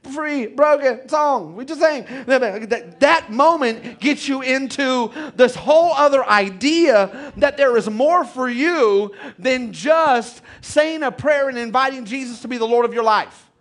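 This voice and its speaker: High-voiced animated male preacher. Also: measured pace, few pauses. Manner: animated preacher, calls out to congregation. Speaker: pastor. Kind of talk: sermon.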